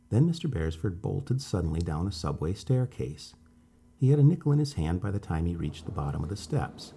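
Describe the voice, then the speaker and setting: A man calmly reading a story aloud as a bedtime storyteller. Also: on the low side, vocal fry, husky.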